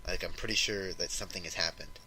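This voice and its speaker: A man's voice: low-pitched, fairly even intonation, fast, pushed and bright, slight background noise, low-quality recording. Man casually retelling a comic story. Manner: rambling retelling, acting out quotes with lots of "like". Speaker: podcast co-host.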